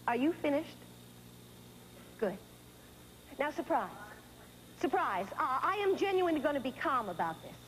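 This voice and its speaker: A woman's voice: high-pitched, sing-song, normal speed, long pauses, slight background noise, low-quality recording. A woman playing a frazzled middle-aged mother of a teenage daughter in a stage monologue, talking in frantic, stammering bursts to an unseen child. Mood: exasperated. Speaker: stage actress in a one-woman show. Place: theater stage.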